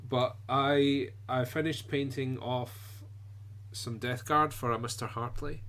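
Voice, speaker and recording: A man's voice: mid-range voice, fairly even intonation, slow, fairly bright tone, slight background noise. A man co-hosting a casual podcast chat, talking in an easygoing, rambling, self-deprecating way. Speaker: podcast co-host.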